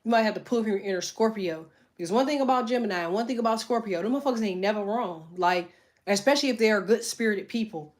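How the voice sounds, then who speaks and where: A middle-aged woman talks loosely to her viewers in a live chat. Her delivery is blunt and emphatic, full of profanity, and her pitch sits in an ordinary middle range for a woman. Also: quick pace. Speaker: tarot reader and livestream host. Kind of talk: casual livestream chat.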